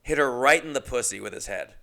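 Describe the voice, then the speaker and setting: A man's voice: mid-range voice, animated, brisk, creaky, pushed and bright. A young man, a comedian and podcast host, telling a crude, brash, profane anecdote. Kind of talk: comedic storytelling.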